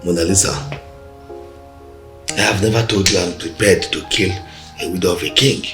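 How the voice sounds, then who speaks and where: A ruthless prince speaks deliberately in a very low voice. The room is echoey, and soft music plays underneath. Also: male voice, fairly even intonation. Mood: persuasive. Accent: Nigerian. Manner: cold, deliberate scheming. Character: ruthless, ambitious prince, adult man. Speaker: prince plotting for the crown. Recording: roomy echo with faint music.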